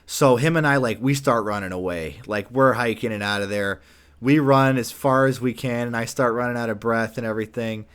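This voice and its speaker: A young man casually telling a story, animated and rambling, full of "like" fillers. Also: medium pitch, fairly quick, clean tone. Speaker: vlogger.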